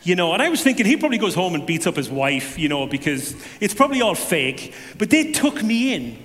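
A man giving a personal testimony to a congregation, telling it as an animated story with self-deprecating humor. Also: high voice, fairly quick, big-room sound.

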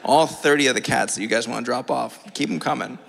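A man preaching a sermon from a church, telling a funny personal story with lively, self-mocking energy. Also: mid-range voice, fairly quick, gravelly. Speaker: pastor. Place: church sanctuary. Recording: long reverb of a church hall.

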